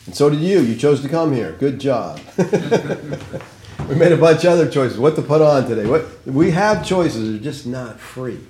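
A man's voice: medium pitch, expressive, normal speed, warm tone, echoey room, slight background noise. Male pastor, conversational teacher, plain-spoken delivery. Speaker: pastor leading a Bible study. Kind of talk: teaching sermon with group discussion.

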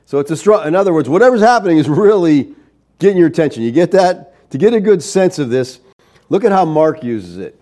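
Mellow-voiced man preaching a sermon. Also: fairly high pitch, sing-song, brisk. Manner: teaching verse by verse, checking in with listeners. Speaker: pastor.

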